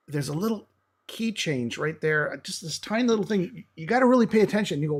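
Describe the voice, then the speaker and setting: A man's voice: a little high, expressive, fairly quick, creaky. A man co-hosting a metal music show who eagerly breaks down a song's guitar and vocals, stammering at times. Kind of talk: casual music review chat.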